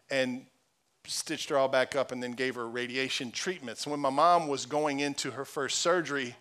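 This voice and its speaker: A middle-aged male pastor giving a sermon, moving from a quiet personal story to emphatic, rising preaching. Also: mid-range voice.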